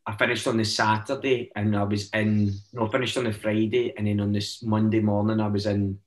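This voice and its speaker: A Scottish man talks as a guest, rambling through stories and leaning on "eh" fillers. His voice sits low, and the room around him adds a noticeable echo. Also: little pitch movement, fairly quick. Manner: rambling storytelling, many "eh" fillers. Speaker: actor guest. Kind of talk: casual chat.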